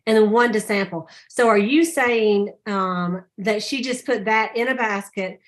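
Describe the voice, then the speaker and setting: A woman telling stories on a casual sales call, chatty and animated. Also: unhurried. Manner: chatty storyteller, acts out quotes with high voices. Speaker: sales director.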